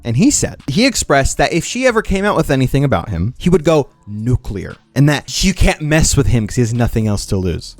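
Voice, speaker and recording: A man ranting through a reaction commentary, sarcastic and profane, his pitch leaping up in disbelief. The sound is dry and close to the mic. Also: very animated, a little fast, few pauses, no room sound. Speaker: commentary streamer.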